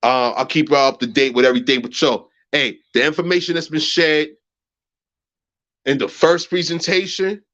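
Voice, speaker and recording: A man rants on a livestream, slightly high-pitched and profane, hammering phrases again and again. He drops to low mutters, then breaks into high shouts, and the audio comes through dull and muffled. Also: steady tone, moderate pace. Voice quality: profane, agitated, repeats phrases. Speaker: livestream host. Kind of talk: heated livestream rant.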